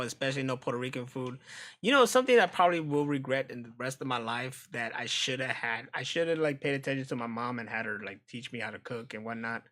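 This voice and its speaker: Bright-sounding guy on a live stream, swears a lot, joking around, animated. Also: medium pitch. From United States. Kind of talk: casual chat with viewers.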